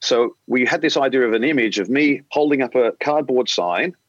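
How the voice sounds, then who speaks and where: A man's voice: medium pitch, normal speed, no echo, lo-fi sound. A man in his late forties or fifties, an airline captain being interviewed, telling a story at length and acting out the voices of the people in it. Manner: animated storyteller, acts out quoted dialogue. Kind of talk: conversational storytelling.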